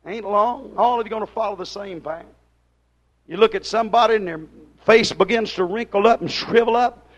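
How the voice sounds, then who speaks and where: Male preacher, high-pitched, fiery sermon delivery, swings between hollering and hushed pleading. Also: fairly quick. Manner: hollers at the congregation, then drops to a hushed plea; folksy dialect grammar.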